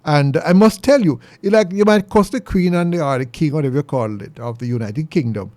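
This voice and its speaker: A middle-aged Jamaican man hosting a commentary show, talking earnestly and preachily, his pitch jumping high when he presses a point. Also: a little fast, a little mellow, dry recording. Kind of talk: opinion monologue.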